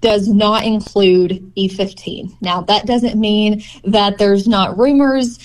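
Woman policy director answering interview questions, calm and informative, medium pitch. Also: slow pace. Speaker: policy director for a farm group.

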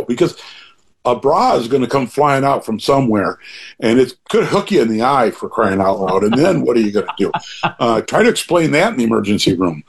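An older man with a husky voice, talking in an earnest, rambling way with many restarts in a reflective conversation. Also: medium pitch.

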